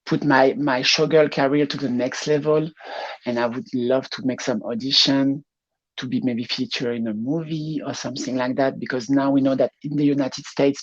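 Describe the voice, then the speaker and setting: French accented woman, breathy voice, dull lo-fi sound, chatty guest who laughs a lot. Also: a bass voice. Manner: warm, laughing often, searching for words. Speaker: guest, pageant showgirl. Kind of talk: casual interview.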